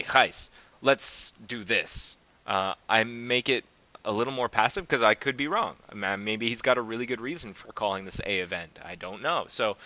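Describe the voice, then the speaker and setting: A man's voice: on the low side, pushed and bright, dull audio. A man hosting a coding show, thinking aloud as he reviews code, hesitant and often correcting himself. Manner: hesitant, self-correcting, many fillers.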